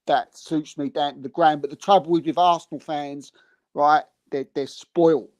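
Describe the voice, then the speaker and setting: A man co-hosting a casual football podcast, his voice sitting a little high. He talks in an animated way and mimics fans he disagrees with. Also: moderate pace. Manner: animated, mocks other fans in put-on voices. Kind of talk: casual chat.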